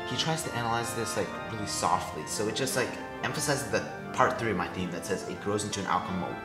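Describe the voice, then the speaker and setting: Halting teenage boy presenting in class. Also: on the low side. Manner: halting, filler-heavy, casual explaining. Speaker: student presenter. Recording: echoey room with faint music.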